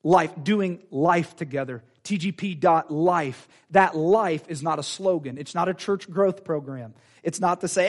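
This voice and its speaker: Male pastor, fairly high voice, animated sermon delivery with repetition and acted-out quotes. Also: moderate pace, hardly any pauses. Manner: animated preaching, acts out quoted voices, repeats phrases. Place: church sanctuary.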